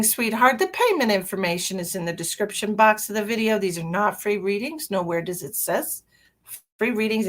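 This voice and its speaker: A woman's voice: mid-range voice, fairly bright tone. A woman hosting a psychic livestream, chatting casually, ranting with swearing and answering viewer comments.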